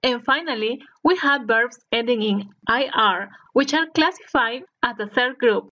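Woman, language teacher, scripted lesson narration, slow clear enunciation, slightly high voice, muffled lo-fi sound. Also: bright, forceful tone. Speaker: Spanish teacher. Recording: dull lo-fi recording.

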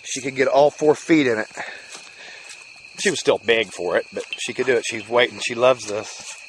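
A man's voice: mid-range voice, moderate pace, slight background noise, low-quality recording. A middle-aged man, rambling casually in a home video while tending his dogs outdoors. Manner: rambling, folksy, coos at the dog. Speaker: family vlogger. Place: outdoors in a rural yard. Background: faint crickets and outdoor ambience.

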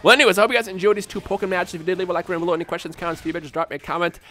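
A man hosting his own gaming channel, giving live gameplay commentary in an excitable way and rattling off repeated words when the action gets tense. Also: sits high. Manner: excitable, repeats words rapidly under pressure.

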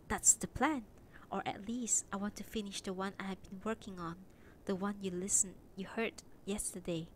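With slight background noise, a woman voices a modest young songwriter in an earnest mood. Her mid-range voice is close to an everyday one, with fairly even intonation at a normal speed.

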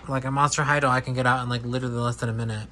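A man chatting casually and gushing while unboxing a doll, with quick excited asides. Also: medium pitch, noisy background. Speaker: doll collector vlogger. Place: indoor room with air conditioner hum.

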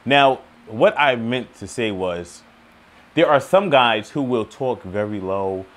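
Animated, emphatic motivational man. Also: slow pace. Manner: emphatic, slangy and animated, swinging between loud challenges and low asides. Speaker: motivational video host. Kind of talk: motivational monologue to camera.

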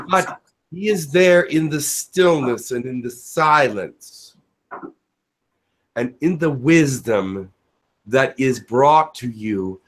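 A man speaking as the spirit Elijah in a channeled spiritual message, in a slow preaching cadence with dramatic pauses. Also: on the high side. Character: Elijah, a male spirit giving a solemn message.

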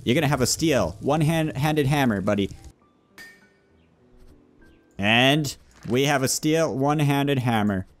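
A man's voice: mid-range voice, a little slow, long pauses, faint music behind. A young man giving playful let's play commentary, chatting with game customers like a shopkeeper. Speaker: gaming YouTuber.

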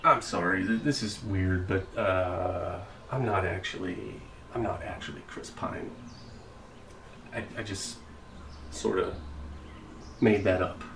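A man's voice: sits low, takes it slowly, few pauses, pushed and bright, echoey room, recorded from a distance, slight background noise, heavily acted, rough recording. An actor playing a socially anxious father at a playground, in a comic monologue, stammering and overeager. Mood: sheepish. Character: socially anxious park dad posing as a celebrity.

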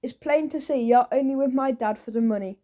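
Joe is a lonely, earnest schoolboy with a stubborn streak, put on by a woman reading a storybook. The voice is light, a little high and mellow. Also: a little fast, lightly acted. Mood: defiant. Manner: defiant, earnest. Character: lonely, sulky schoolboy, rich man's son.

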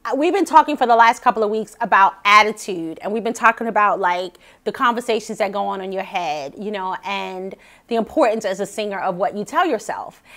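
A woman vocal coach talking chattily in a casual vlog, animated and often laughing. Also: medium pitch, fairly quick.

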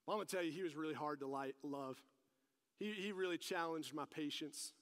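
High-voiced man preaching in a reverberant hall. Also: a little fast. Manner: animated and emphatic, rising in pitch and volume to stress points. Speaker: pastor. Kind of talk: sermon with personal storytelling. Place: church service. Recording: long reverb of a large hall.

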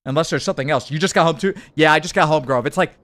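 A man's voice: on the high side, slight background noise. A man hurriedly commenting on a live racing game stream and chatting with his viewers. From United States. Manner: hurried, excitable, chats with viewers.

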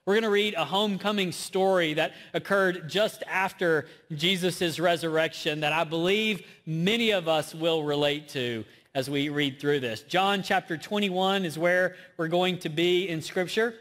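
A man's voice: on the high side, moderate pace, few pauses, a bit bright. A man with a Southern US accent preaching a sermon as a pastor, conversational and self-deprecating. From American South. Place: church auditorium. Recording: long reverb of a large church hall.

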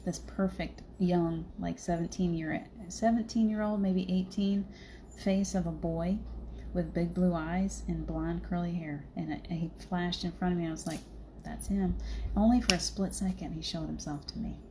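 A woman's voice: lowish voice, steady tone, moderate pace, dark tone, slight background noise. Chatty, laughing middle-aged woman storyteller. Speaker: livestream host. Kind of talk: casual spiritual chat.

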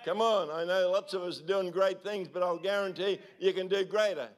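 A man, a pastor preaching a sermon in a church service, urging his listeners with repeated calls and quick tag questions. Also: high-pitched, fairly even intonation.

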